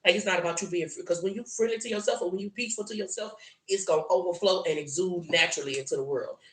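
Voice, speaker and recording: A woman's voice: fairly low pitch, fast, reverberant. A woman with a South Louisiana Southern drawl giving a blunt, profane, preachy tarot reading. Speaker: tarot reader. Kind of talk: solo tarot reading monologue.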